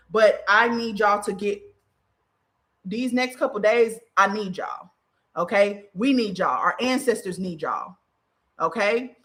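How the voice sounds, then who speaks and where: A woman's voice: mid-range voice, a bit bright. A woman hosting a casual spiritual livestream, talking emphatically and bluntly to her followers. She swears freely, repeats herself, and keeps checking in with "okay?". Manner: emphatic and repetitive, often asking "okay?"; profane and blunt.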